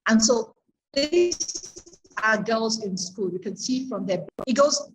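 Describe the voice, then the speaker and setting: Her voice sits on the high side and is expressive, and she takes her time over a rough recording. She's a course speaker giving a sincere, faith-centered lesson about peer pressure, putting rhetorical questions to the listeners.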